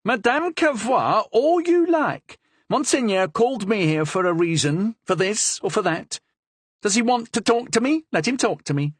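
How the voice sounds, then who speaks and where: A man's voice: sing-song, moderate pace, dry recording. A man doing a brash young Languedoc woman. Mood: bold. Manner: high, bold, talks back. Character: feisty young woman, sharp-tongued, fearless.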